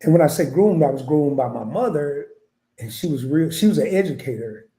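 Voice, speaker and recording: A man's voice: on the high side, expressive, fairly quick, mellow. A man from small-town Arkansas, telling a rambling, laughing story on a podcast. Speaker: podcast guest. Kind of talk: casual storytelling chat. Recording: echoey room.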